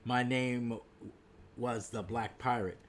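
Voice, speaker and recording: A man's voice: medium pitch, steady tone, slow pace, a little hiss or hum, lightly acted. A man voicing a ghostly male pirate and former nobleman, in mock-archaic pirate speech, while reading comic dialogue aloud. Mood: grim.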